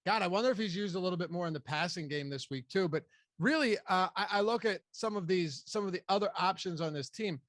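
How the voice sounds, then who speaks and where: A man's voice: sits high, quick pace, fairly bright tone, no echo. A man hosting a fantasy football show, chatting loosely and restarting sentences as he goes. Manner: conversational, loose with frequent restarts. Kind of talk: casual sports analysis chat.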